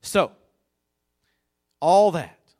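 A man preaching a sermon, slow and deliberate, building to emphatic high points as he retells a scripture story. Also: animated, mellow, no echo, studio quality.

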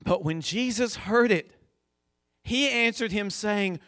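A man preaching a sermon, slow and deliberate, building to emphatic high points as he retells a scripture story. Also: a bit bright, no room sound, studio quality.

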